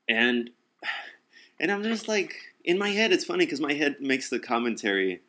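A young man telling a story in casual talk, animated, acting out what people said and swearing freely. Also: mid-range voice, unhurried, long pauses.

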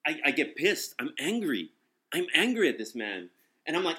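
A young man telling a story in casual talk, animated, acting out what people said and swearing freely. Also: fairly high pitch, normal speed, breathy edge.

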